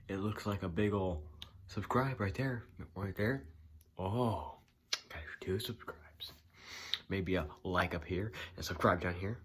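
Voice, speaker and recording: A man's voice: sits low, slightly rough. A young man talking straight to his viewers in a teasing, mock-bored way. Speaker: YouTuber. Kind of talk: deadpan talk to camera.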